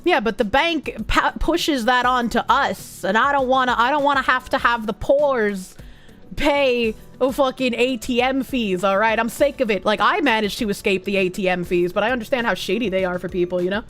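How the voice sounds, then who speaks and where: A woman's voice: fairly high pitch, normal speed, soft background music. A woman, streaming and chatting casually as she reads out donations, swearing freely and gasping now and then. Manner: lively, swears casually, gasps and sings snippets. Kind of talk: casual livestream chat reading donations.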